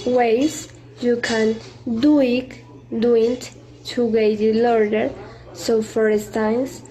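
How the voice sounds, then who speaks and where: Slow, mellow young woman student presenter. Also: a little high, low-quality recording. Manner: careful, halting non-native English. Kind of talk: class presentation video.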